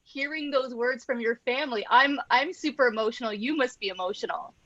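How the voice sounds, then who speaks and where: A woman's voice: fairly high pitch, brisk, a bit bright, no echo, highs cut off. A woman hosting a show, bubbly and teary, laughing between her words. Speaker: host.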